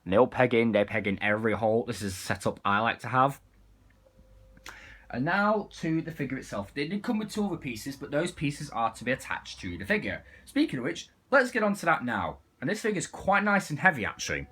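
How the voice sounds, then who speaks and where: A man's voice: mid-range voice, very animated, brisk, a bit bright, slightly rough. A man casually reviewing an action figure, chatting as he demonstrates its parts. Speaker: toy reviewer.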